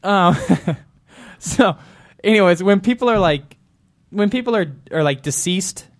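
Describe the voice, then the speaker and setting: A man on a talk show telling rambling, animated anecdotes and acting out the quotes. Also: sits high, measured pace. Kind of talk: casual storytelling chat.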